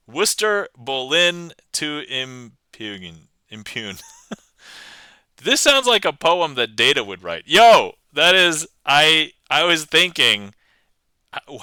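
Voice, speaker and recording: A man with a New England accent reads a tricky poem aloud on a casual stream, laughing and tripping over words as he goes. His voice is very bright and smooth, with a lively, jumping pitch. The sound is close and dry. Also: no echo.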